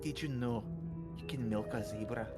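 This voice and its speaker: A man putting on a Scottish accent as a brash, crude mum persona, talking loudly and rambling. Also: medium pitch, moderate pace, over loud music, lightly acted. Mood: cheeky. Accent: put-on Scottish. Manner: loud, rambling, vulgar. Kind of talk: casual stream banter.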